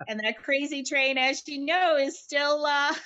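A middle-aged Canadian writer answers questions as a guest in an interview, chatty and animated, laughing often and restarting phrases. Her voice is high and slow, and the recording sounds muffled.

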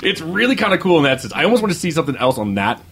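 A man's voice: fairly high pitch, sing-song, very fast, a bit bright, breathy edge. A man hosting a casual podcast chat, reviewing films as a rambling storyteller who swears and laughs. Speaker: film reviewer host.

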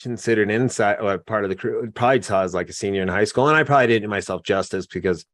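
A man telling stories in a relaxed conversational way, with frequent fillers. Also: on the low side, fast, dry recording, studio quality. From American West. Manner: relaxed storytelling, many fillers. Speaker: guest. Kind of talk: casual conversation.

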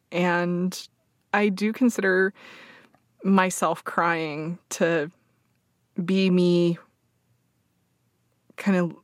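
A woman telling a personal story in an open, reflective way, filling pauses with soft fillers and close to tears. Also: lowish voice, dry recording. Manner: open and reflective, many fillers, laughs softly. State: emotional, near tears.

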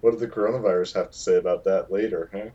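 A man's voice: deep voice, fairly even intonation, racing, mellow, breathy edge, highs cut off. A man hosting a comedy podcast, teasing his co-hosts and laughing often. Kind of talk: improvised comedy chat.

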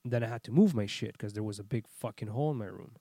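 A man's voice: fairly low pitch, fast talker, gravelly, warm tone, dry recording, clean studio sound. A man telling a long story in casual chat, acting out quotes and swearing often.

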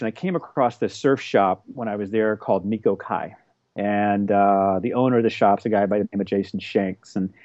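A man's voice: fairly low pitch, warm tone, no echo, lo-fi sound. A man in his forties, an interview guest telling a long story in a casual, rambling way with many fillers and restarts. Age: 40s.

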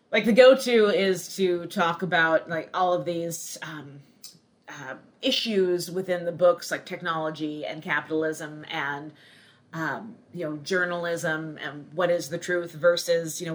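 Woman, podcast co-host, casual chat, enthusiastic, laughs often, fairly low voice. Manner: enthusiastic and laughing, with thoughtful asides.

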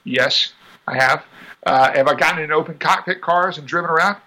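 A man, a racing driver talking casually in an interview, chatty and quick to laugh. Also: a little high, rough recording. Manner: chatty, laughs often, animated asides.

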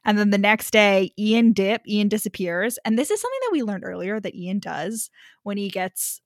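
A woman's voice: medium pitch, lively intonation, moderate pace, no room sound, clean studio sound. A young woman co-hosting a casual book chat, rambling with lots of "like" and acting out characters' lines. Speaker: podcast co-host.

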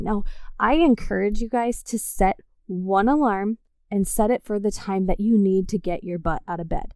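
Upbeat woman podcast host, mellow voice. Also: mid-range voice, smooth, no room sound, studio quality. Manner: upbeat, encouraging, speaks directly to listeners. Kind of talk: casual solo podcast talk.

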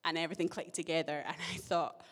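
A young woman giving a sermon to her church, telling a personal story in a chatty, self-deprecating way with gentle humor. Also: deep voice, steady tone, fast talker. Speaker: church speaker. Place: church hall. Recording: long church-hall reverb.

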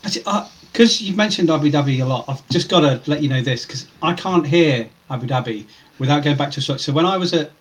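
A man co-hosting a casual gaming podcast, an animated storyteller who swears freely. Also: fairly high pitch, fast, rough recording. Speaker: podcast co-host. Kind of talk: casual chat.

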